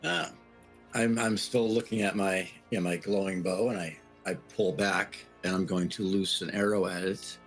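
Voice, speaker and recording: A man playing a tabletop game, with a low, gravelly voice. He talks slowly and haltingly. Soft music sits under him. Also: steady tone. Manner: hesitant, halting. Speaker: player. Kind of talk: casual tabletop play.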